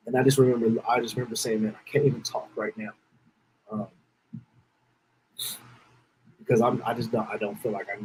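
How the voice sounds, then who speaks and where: The podcast host here speaks at medium pitch with a darkish tone, telling a meandering, casual story. He repeats phrases and seems close to tears. The recording is rough, with slight background noise.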